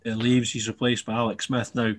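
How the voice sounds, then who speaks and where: A Scottish man hosting an interview, asking questions in a hesitant way with many pauses. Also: mid-range voice, little pitch movement. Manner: hesitant, lots of fillers and restarts. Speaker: interviewer, host.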